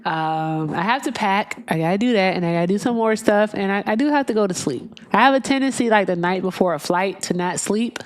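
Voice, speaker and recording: A woman's voice: medium pitch, fairly quick, few pauses. A woman hosting a casual livestream. She chats loosely and giggles while she plays and talks to her viewers. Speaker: livestream host. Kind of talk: casual livestream chat while playing a game. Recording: loud game music behind the voice.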